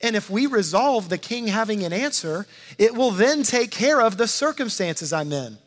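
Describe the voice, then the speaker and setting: A man's voice: high-pitched, lively intonation, moderate pace. A man preaching a sermon in a conversational way, repeating phrases and acting out quoted lines. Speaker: pastor. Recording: long hall reverb.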